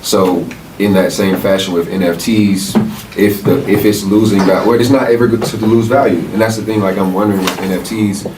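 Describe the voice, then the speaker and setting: A man's voice: lowish voice, fairly even intonation, brisk, noisy background. A man interviewing in a casual way, hesitant and thinking aloud as he talks. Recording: distant mic with music.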